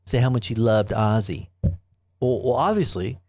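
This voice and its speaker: A man's voice: medium pitch, lively intonation, moderate pace, darkish tone. Sarcastic rambling male news commentator. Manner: sarcastic, rambling, reads quotes aloud with mocking emphasis. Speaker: host of an online news commentary show. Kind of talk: live commentary.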